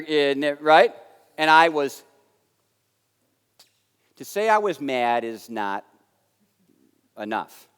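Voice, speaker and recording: An American man giving a conference keynote, telling a story with lively acted-out dialogue that swings between loud and soft. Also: on the high side, slow pace, pauses often, clear, resonant tone. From United States. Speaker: keynote speaker. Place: large conference hall. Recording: long hall reverb.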